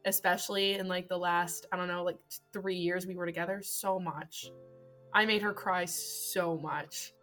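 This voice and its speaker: A woman's voice: fairly low pitch, fairly even intonation, normal speed, fairly bright tone, faint music behind, natural voice. A woman voicing a blunt divorced mother who talks in a rambling way. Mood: earnest.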